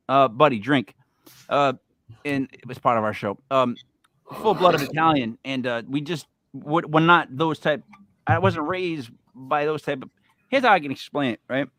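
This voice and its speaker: A man's voice: on the high side, sharp tone, no room sound, clean studio sound. A man hosting an interview show, brash and joking, talking casually and stubbornly. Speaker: podcast host.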